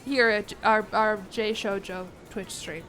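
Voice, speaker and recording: A woman streaming a game, chatting casually in a rambling, jokey way full of quick asides. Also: medium pitch, fairly even intonation, a bit bright, faint music behind. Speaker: VTuber streamer. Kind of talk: casual livestream commentary while gaming.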